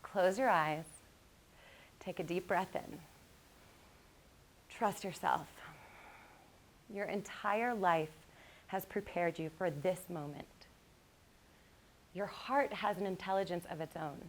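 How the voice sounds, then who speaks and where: A woman voicing her caring middle-aged mother, who talks her through a calming breathing exercise. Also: fairly high pitch, normal speed, a little hiss or hum, lightly acted, rough recording. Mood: soothing. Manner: soothing, guiding a breathing exercise.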